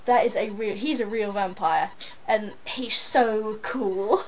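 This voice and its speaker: A young woman chatting casually, excited and rambling, giggling now and then. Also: medium pitch, takes it slowly. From England. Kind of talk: casual chat. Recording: dull lo-fi webcam audio with faint hiss.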